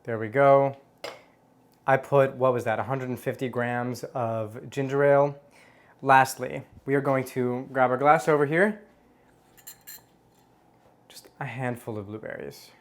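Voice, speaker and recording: Unhurried and steady in tone, with frequent pauses, a mid-range host presents a relaxed home cocktail tutorial. They chat playfully, joke about themselves, and let out hums of enjoyment as they taste.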